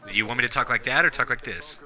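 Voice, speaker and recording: A man's voice: mid-range voice, pushed and bright. A man playing a video game with a friend on a headset, chatting casually, swearing and defending how he talks. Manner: defensive, swears, quick to argue. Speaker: co-streamer. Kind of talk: casual gaming chat.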